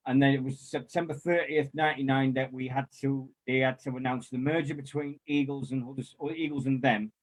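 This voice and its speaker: Bloke spinning old club stories, acts out what people said, bit sweary. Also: male voice, mid-range voice, fairly quick, hardly any pauses. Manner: animated storyteller, mild swearing, acts out quotes. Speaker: former club volunteer and kit man. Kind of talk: casual chat, telling anecdotes.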